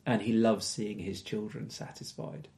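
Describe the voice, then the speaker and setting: A man's voice: on the low side, steady tone, unhurried, gravelly, darkish tone. A man giving a sermon, retelling a Bible story and asking reflective, rhetorical questions with frequent hesitations. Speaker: preacher.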